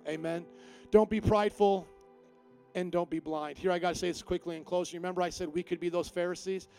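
A man pastor preaching a sermon with emphatic delivery, swinging between quiet and loud. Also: high-pitched, fairly even intonation, a little fast, soft background music.

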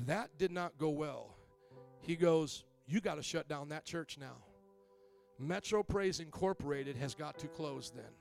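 A man's voice: high-pitched, creaky. A man preaching as a pastor, telling a personal story and acting out what others said in changing voices. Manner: animated, acts out quotes with shifting voice. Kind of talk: sermon storytelling.

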